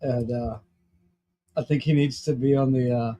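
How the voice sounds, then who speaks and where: A podcast host with a middle-pitched voice. He talks in loose, halting phrases, and faint noise sits behind him. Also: steady tone, dark tone, highs cut off. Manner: halting, many fillers. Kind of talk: casual chat.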